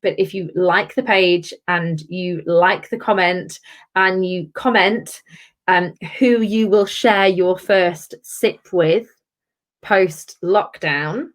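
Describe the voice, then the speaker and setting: A woman's voice: on the low side, slow. A woman hosts a live-stream drinks review from her home, picked up on a laptop or webcam mic. She talks in a gushing, chatty way. She keeps calling out to her viewers by name as she goes. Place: at home, with her children wandering in.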